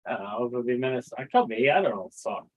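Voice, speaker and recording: A man's voice: mid-range voice, expressive, very fast. A man hosting a casual livestream, rambling, swearing freely and reading chat messages aloud. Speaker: livestream host. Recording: tinny phone-like audio.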